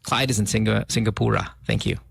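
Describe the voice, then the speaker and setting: A man hosting a morning radio show, loose and joking as he reads listener shout-outs and banters with co-hosts. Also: lowish voice, fairly even intonation, quick pace, gravelly, breathy edge, no echo, clean studio sound. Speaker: radio host. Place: radio studio.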